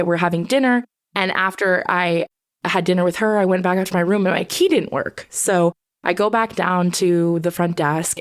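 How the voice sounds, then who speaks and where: A woman hosting a podcast tells a personal story in a candid, chatty way and swears freely. Her voice sits fairly low with a gravelly, fry-heavy texture. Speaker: podcast host. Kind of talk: casual storytelling.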